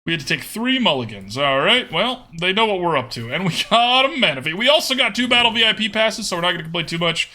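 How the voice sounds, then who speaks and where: A man's voice: high-pitched, big pitch swings, fast, few pauses, sharp tone. A young man streaming a card game, chatting casually and thinking aloud with murmured hmms and repeated okays. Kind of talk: casual live gameplay commentary.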